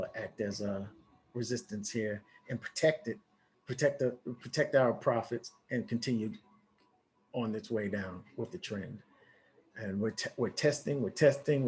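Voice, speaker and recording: Guiding his audience through a live trade, this trading educator has a lowish voice, with a little hiss or hum on the recording. He sounds casual and excitable, often exclaiming quickly and restarting his sentences.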